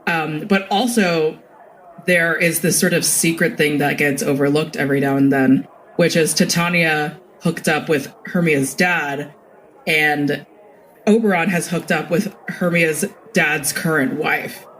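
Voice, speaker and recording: A man's voice: on the high side, fairly even intonation, measured pace, a bit bright, slight background noise, rough recording. A man co-hosting a casual podcast, loosely explaining lore with a joking, rambling manner. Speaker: podcast co-host.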